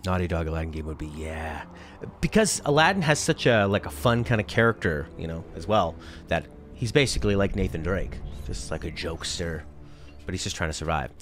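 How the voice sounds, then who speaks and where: Brief: deep-voiced young gaming host, lively, chatty and jokey while playing. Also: male voice, a little fast, soft background music. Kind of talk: casual let's-play commentary.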